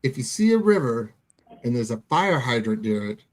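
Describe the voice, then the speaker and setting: A man's voice: medium pitch, sing-song, moderate pace, a little mellow. A man hosting a live call-in show, chatting casually with callers and laughing often.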